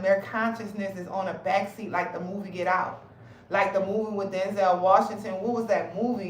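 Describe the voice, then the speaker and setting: In a casual live-stream rant, a woman who streams about health advocacy speaks fast, heated, blunt, and animated, cursing a lot. The low-quality recording is reverberant, with a distant mic, medium pitch, and slight background noise.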